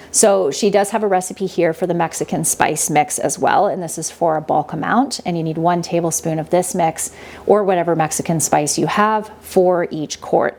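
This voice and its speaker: A woman hosting her own homesteading kitchen vlog, chatty and quick to laugh, recorded in her home kitchen. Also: on the low side, darkish tone. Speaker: homesteading channel host. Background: faint compressor and power tools.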